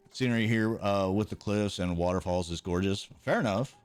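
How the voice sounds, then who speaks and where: Laid-back low-voiced man streaming a game. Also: a little mellow, clear, resonant tone. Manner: laid-back, rambling, self-mocking, swears casually. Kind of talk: casual gameplay commentary chatting with viewers.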